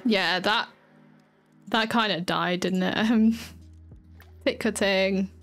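A woman's voice: mid-range voice, fairly even intonation, takes it slowly, fairly bright tone, soft background music. A tired woman with a chatty, giggly, rambling manner, casually commenting on her gameplay as a streamer.

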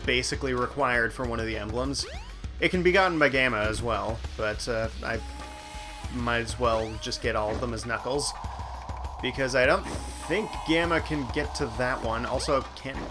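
A man hosting a let's play, casually commenting on his gameplay with rambling, self-mocking asides. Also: mid-range voice. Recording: game music playing underneath. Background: game music.

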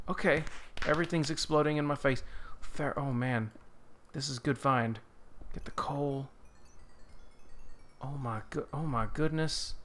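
Slow, rambling man narrating his gameplay. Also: mid-range voice. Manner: rambling, easily startled, excited exclamations. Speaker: gaming channel host. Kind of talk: casual let's-play commentary.

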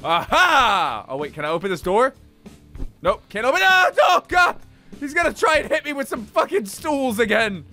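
A young man commentating his own game play, excitable, swearing and yelling at enemies. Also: high-pitched, normal speed, gravelly, soft background music. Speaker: gaming channel host.

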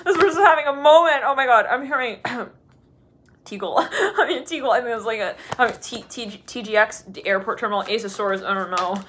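Rambling woman tarot reader with a slightly high voice, laughing often and acting out quoted voices. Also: fairly quick, hardly any pauses, a bit bright. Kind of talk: channeled tarot reading.

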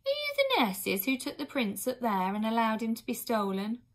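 Strong-willed little girl, put on by a woman reader, higher voice, inquisitive, storybook. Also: wildly swooping pitch, moderate pace. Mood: curious. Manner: direct, inquisitive questions.

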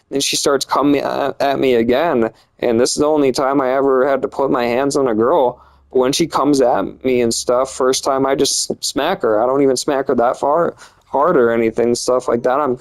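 A man's voice: medium pitch, rough recording. A young man telling a personal story in a loose, rambling way, swearing often and filling gaps with "like" and "and stuff.". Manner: rambling and profane, lots of fillers. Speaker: vlogger. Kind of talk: casual storytime monologue.

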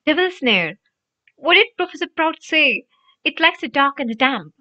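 A woman reading an audiobook, voicing a clever, bossy eleven-year-old girl witch with a shrill know-it-all manner. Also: sing-song, normal speed, pushed and bright, no room sound, exaggerated voice. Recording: dry, dull lo-fi audio.

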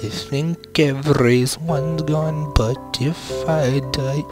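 Young guy on a headset rambling slow through his game, goofy sing-song bits, game music going loud behind him. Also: a little high, fairly even intonation. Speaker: gameplay commentator. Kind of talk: casual let's-play commentary. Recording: game music playing under the voice.

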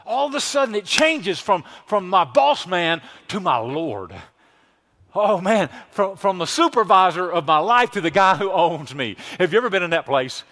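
A man's voice: high-pitched, lively intonation, normal speed. Passionate male pastor preaching a sermon. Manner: emphatic, swings from hushed to loud exclamations.

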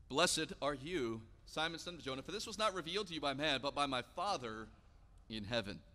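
A man's voice: high-pitched, sharp tone. A man preaching a sermon as pastor, telling Bible stories and acting out the dialogue in a casual, conversational way. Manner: storytelling preacher, acts out biblical dialogue casually. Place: church sanctuary. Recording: long hall reverb.

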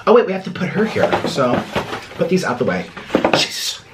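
A man's voice: fairly high pitch, big pitch swings, a little fast. Guy doing a mukbang, mouth full, mocking and sarcastic, bouncy voice, noisy recording. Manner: sarcastic, mocking, talks while eating. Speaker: mukbang YouTuber. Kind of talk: casual mukbang reaction video.

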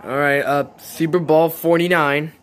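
A man's voice: fairly high pitch, fairly even intonation, a little slow, a bit bright. A young man hosting a sports reaction video, exclaiming and repeating himself in disbelief. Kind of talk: excited sports reaction commentary.

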